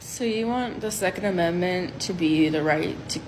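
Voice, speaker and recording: Give me a woman playing an impatient male leader chairing a meeting in a brisk way. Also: on the low side, darkish tone, a little hiss or hum, close to an everyday voice, poor audio.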